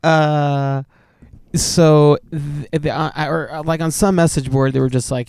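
A man's voice: a little high, level tone, measured pace, a little mellow, clear, resonant tone, no room sound. A man, a musician, chatting casually on a podcast, rambling with many fillers and frequent laughs. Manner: rambling, lots of "like", laughs often. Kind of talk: casual chat.

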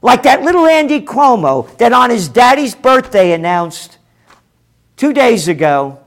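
High-pitched, ranting male show host. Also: very animated, a little slow. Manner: combative, profane, loud bursts of shouting. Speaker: host of a trend forecasting show. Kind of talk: ranting commentary.

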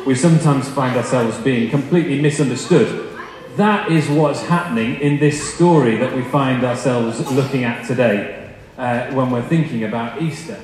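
Heard in an echoey hall with long reverb and a little faint noise, a young man gives a storytelling sermon. His voice is mid-range and a little mellow at normal speed, and he tells funny, self-deprecating stories chattily before getting to scripture.

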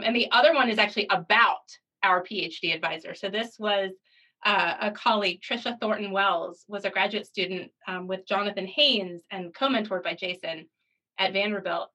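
A woman co-hosts a podcast in a lively, conversational manner and leans hard on her key points. Her voice is bright and forward, at a middle pitch for a woman. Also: low-quality recording. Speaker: podcast co-host, lab leader. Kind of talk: casual podcast chat.

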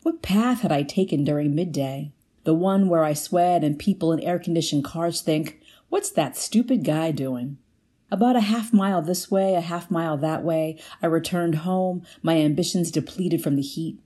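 Female reader for literary prose; low, mellow voice, measured delivery. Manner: measured, lifts pitch for quoted lines. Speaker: guest reader. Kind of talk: literary reading aloud.

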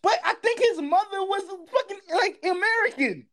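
A co-host in a casual chat, animated and teasing, quick to laugh. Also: extremely high pitch.

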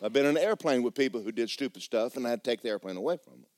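A male pastor preaching a sermon with animated, folksy, joking storytelling. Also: mid-range voice, rapid-fire, no room sound.

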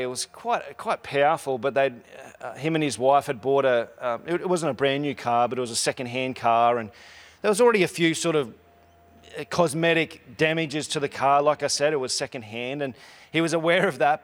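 A man preaching a conversational sermon, telling stories in a relaxed way with frequent restarts, and slowing down to stress key lines. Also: a little high. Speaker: pastor.

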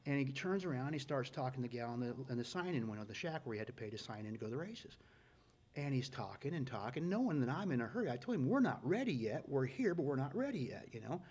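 A middle-aged man telling stories in a casual, folksy way, getting loud and excited at the punchlines. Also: mid-range voice, fast, slightly rough. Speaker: guest storyteller. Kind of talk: casual storytelling.

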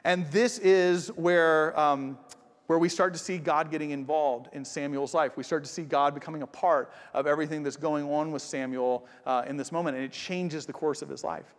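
A pastor preaching a sermon, talking conversationally and directly to the congregation. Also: male voice, a little high, steady tone, moderate pace. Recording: long hall reverb.

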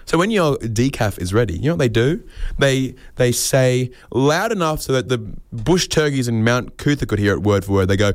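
A man's voice: fast, hardly any pauses. Joking Australian man hosting radio. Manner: animated, jokey, voices other people with big pitch jumps. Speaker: radio show host. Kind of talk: comic monologue and studio banter.

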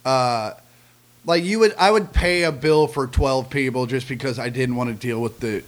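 A man's voice: mid-range voice, moderate pace. A man, a comedian, speaking candidly in a casual podcast chat and swearing casually.

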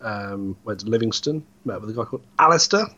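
A man's voice: lowish voice, expressive, fairly quick, bright, forceful tone, lo-fi sound. A man co-hosting a casual podcast, telling rambling, easygoing stories about his driving work. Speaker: podcast co-host, truck driver. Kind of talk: casual chat.

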